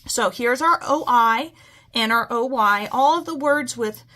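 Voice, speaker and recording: A woman's voice: a little high, unhurried, bright, forceful tone. A woman teacher giving a patient, step-by-step spelling lesson, often checking in with "okay?".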